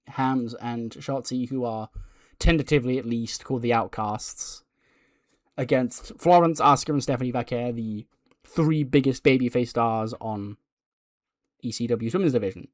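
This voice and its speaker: A male let's play host narrating a wrestling sim game, casual and chatty as he recaps what happened. His pitch sits in the middle, and the recording is dry and close with no room sound. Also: no room sound.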